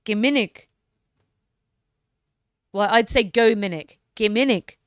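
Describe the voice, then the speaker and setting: Speaking slowly at medium pitch with no echo, a woman streamer keeps things casual, dropping curses freely. She practises words by sounding them out and going over the phrases again and again.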